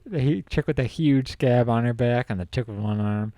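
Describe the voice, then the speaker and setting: A man's voice: medium pitch, normal speed, mellow, no room sound. A young man co-hosting a podcast, telling a story in casual chat, laughing often and acting out quotes. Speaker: podcast co-host.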